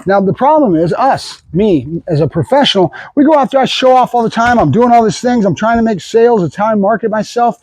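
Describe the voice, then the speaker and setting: A middle-aged dog trainer talking casually and bluntly to the camera, repeating himself with fillers and restarts. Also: male voice, high voice, expressive, brisk, few pauses, a little mellow, no echo, poor audio.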